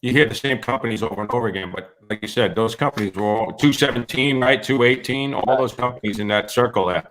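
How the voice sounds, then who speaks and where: A man's voice: mid-range voice, fast talker, few pauses, fairly bright tone, low-quality recording. A man co-hosting a podcast, reacting bluntly and swearing casually. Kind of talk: casual chat.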